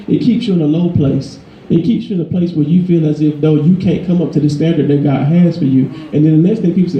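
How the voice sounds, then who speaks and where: A man preaching a sermon in a conversational, emphatic way, his voice climbing higher when he drives a point home. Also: lively intonation, a little fast, echoey room, dull audio. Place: church.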